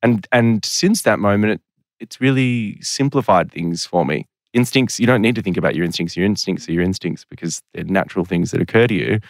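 A man's voice: deep voice, fairly quick, gravelly, no echo, studio quality. A man talking as a podcast guest, telling long stories in a rambling, self-deprecating way. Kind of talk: casual podcast interview.

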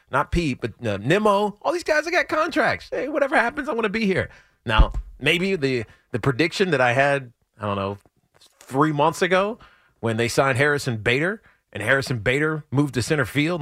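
Easygoing, lively-voiced radio co-host man. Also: on the high side, dry recording, studio quality. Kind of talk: casual sports talk.

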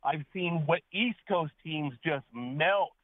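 A man's voice: on the high side, slow pace, no echo. A man from Arizona calling in to a radio show, chatty and given to repeating himself. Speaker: caller. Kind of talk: phone-in call. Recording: tinny phone line.

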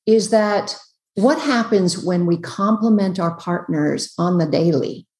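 A woman psychologist giving relationship advice as a podcast guest over a video call, emphatic and explanatory, running through quick lists. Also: fairly low pitch, a little mellow, echoey room, slight background noise. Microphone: computer on a video call.

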